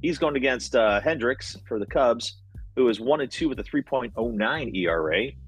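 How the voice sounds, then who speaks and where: A laid-back man talks through his betting picks in short, loose bursts. His voice is husky and middle-pitched, with a lively swing in pitch. Faint music plays under the chat. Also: normal speed. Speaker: co-host. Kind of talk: casual sports betting chat.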